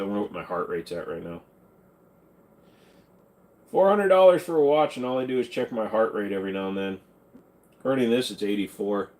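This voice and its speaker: A man's voice: fairly low pitch, darkish tone. Joking man hosting a casual Q&A. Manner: crude, joking, offhand. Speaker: livestream host answering viewer questions. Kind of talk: casual livestream Q&A.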